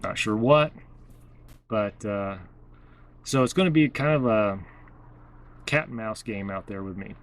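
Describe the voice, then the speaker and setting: Low-voiced man telling a halting story. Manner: halting, full of "uh" and "you know". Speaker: bigfoot researcher vlogger. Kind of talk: casual storytelling.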